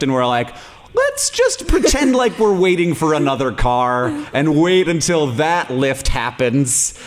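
A man's voice: mid-range voice, in a large hall. A man in his forties hosting a live podcast on stage, telling rambling jokey stories and laughing often. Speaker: podcast host. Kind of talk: casual live podcast chat.

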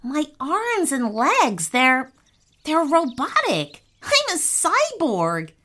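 A woman's voice: high-pitched, huge pitch swings, slow, sharp tone, pitched above the performer's own voice, heavily acted. A woman voicing a brave boy, the older brother, earnest and protective. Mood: amazed.

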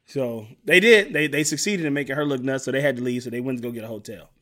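Fast-talking man recapping a show. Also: medium pitch. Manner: animated, acts out characters' lines in quick bursts. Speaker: podcast co-host recapping a TV show. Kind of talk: casual chat.

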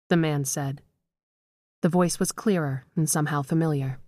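A woman narrating a horror short story in a measured, dramatic way. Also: sits low, darkish tone, dry recording.

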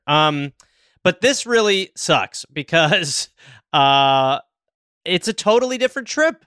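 A man's voice: fairly high pitch, lively intonation, slow pace, pushed and bright, clean tone, no room sound, studio quality. A man co-hosting a call-in show, chatting in a jokey, playful way. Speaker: podcast co-host. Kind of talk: casual chat.

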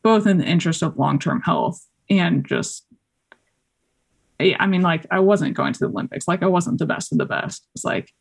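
Young woman, podcast guest, gravelly and husky, chatty storyteller heavy on fillers. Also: lowish voice, lively intonation, moderate pace. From Colorado. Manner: chatty, many fillers, acts out quoted voices. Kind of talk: casual interview chat.

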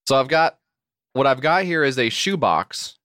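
A middle-aged man co-hosting a podcast, chatting casually in a rambling, jokey, animated way. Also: medium pitch, moderate pace, no echo, studio quality. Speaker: podcast co-host. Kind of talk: casual chat.

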